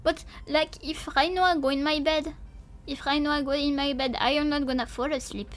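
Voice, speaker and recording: A woman's voice: high-pitched, steady tone, brisk. A woman streamer in casual livestream chat with her viewers. She talks in a playful, silly way, swears often and sounds sleepy. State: sleepy, yawning.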